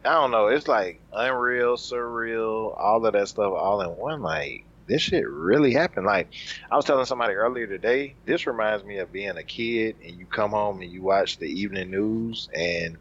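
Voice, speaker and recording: A man's voice: lowish voice, normal speed, a bit bright. A man in a casual group chat, talking emphatically and swearing freely. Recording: dull lo-fi recording.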